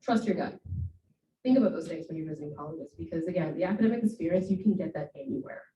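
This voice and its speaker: A woman's voice: on the low side, quick pace, dark tone, lo-fi sound, slight background noise. Earnest woman speaker, distant roomy sound. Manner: earnest, encouraging, frequent fillers. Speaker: guest speaker. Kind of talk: informal talk to students. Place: event room.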